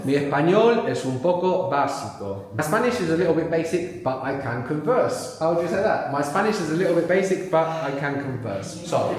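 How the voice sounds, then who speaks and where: A man's voice: fairly high pitch, sing-song, normal speed, a crowd in the background. A male language teacher leading a live workshop, patiently quizzing learners and repeating words back to them. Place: workshop room with live audience. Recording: very echoey room.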